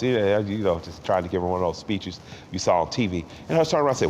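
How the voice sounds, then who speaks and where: A rapper in his forties, interviewed, speaks heartfelt and reflective in a low, darkish voice, animated and rapid-fire. When emotion rises he stumbles over repeated words and sometimes turns tearful. The room sounds big, with faint background hiss underneath.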